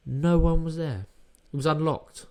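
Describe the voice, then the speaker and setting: Man telling lively boxing stories. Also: a little high, measured pace. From England. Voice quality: animated, laughs while telling stories, swears freely. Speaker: podcast co-host, former boxer. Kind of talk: casual storytelling chat.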